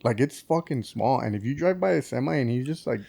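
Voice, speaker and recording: A man with an El Paso Texan accent tells a road story in casual podcast chat, at a middling pitch. He swears nearly every line and throws himself into quoting the other driver and himself. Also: fairly quick, creaky. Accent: El Paso Texan English. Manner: animated, swears constantly, acts out quotes. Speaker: podcast co-host.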